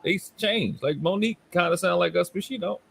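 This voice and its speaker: A man's voice: sits high, fairly quick, gravelly, fairly bright tone, breathy edge. A man from West Baltimore with a Baltimore accent, talking bluntly and profanely in casual chat.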